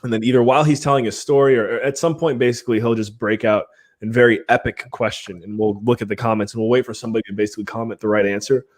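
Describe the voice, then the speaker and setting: A man's voice: mid-range voice, steady tone, rapid-fire. A man from Ohio hosting a livestream podcast, chatting casually, rambling a little and laughing often as he runs giveaways. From Ohio, USA. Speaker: podcast host.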